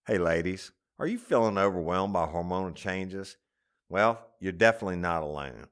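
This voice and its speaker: A man co-hosting a crime podcast, reading sponsor ads in an upbeat way and spelling out web addresses slowly. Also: sits low, expressive, a bit bright, clear, resonant tone.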